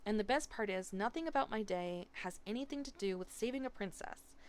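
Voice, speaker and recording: Woman reader as teen boy prince: formal, theatrical, eager, mid-pitched. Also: lively intonation, brisk, natural voice. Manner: formal, old-fashioned phrasing, bursts of stage recitation.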